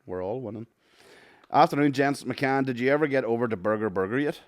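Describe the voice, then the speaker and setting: A man's voice: mid-range voice, brisk, no echo. A young Northern Irish man co-hosting a podcast in casual banter, swearing freely and reading out listener questions. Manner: sweary, reads listener questions, laughs often. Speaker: podcast co-host.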